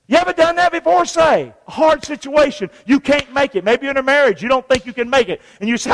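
High-voiced preacher in an echoing hall. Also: male voice, expressive, fast, hardly any pauses, a little hiss or hum. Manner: call-and-response, folksy, reads scripture aloud. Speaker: pastor. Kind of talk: sermon. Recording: long reverb of a large hall.

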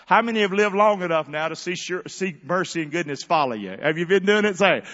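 A man preaching a lively sermon with call-and-response, swinging between hushed asides and loud shouts. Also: high voice, brisk, few pauses, big-room sound, lo-fi sound. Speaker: pastor. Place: large church hall.

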